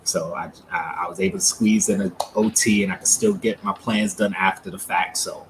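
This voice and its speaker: A man co-hosting a livestream in relaxed, casual chat, laughing often, heard over a streaming video call. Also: fairly low pitch, moderate pace, very noisy. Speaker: livestream co-host.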